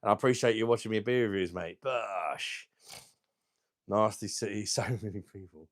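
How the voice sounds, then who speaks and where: A man hosting a live stream, chatting casually and bluntly with viewers, crude and quick to laugh at his own jokes. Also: on the low side, no room sound, clean studio sound. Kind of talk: casual live chat reading viewer comments.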